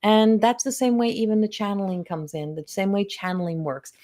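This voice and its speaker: A middle-aged woman talks casually to viewers on a livestream from home, her voice in a middle register. She is chatty and animated and often slips into quoting other people. It sounds like a webcam mic in a home room. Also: medium pitch, brisk. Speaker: psychic medium hosting a livestream.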